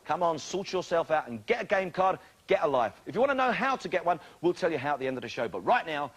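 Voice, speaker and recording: High, bouncy man hosting a game show. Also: sing-song, quick pace. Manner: exuberant, jokey banter with contestants. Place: television studio with live audience. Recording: loud studio audience and noise.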